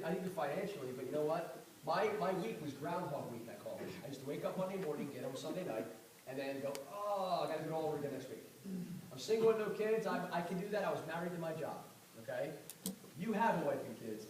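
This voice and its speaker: Man, sales trainer, fast and fired up, slightly high voice, recorded from afar in a very echoey room. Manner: energetic, repetitive, acts out sales dialogues. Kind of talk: motivational sales training talk. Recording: very echoey distant room recording with faint noise.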